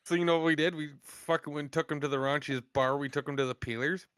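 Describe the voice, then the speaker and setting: Man, casual podcast storyteller, lots of swearing, smooth resonant voice, dry close sound. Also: a little high, quick pace, dry recording. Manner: profane, animated anecdote telling. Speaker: podcast host.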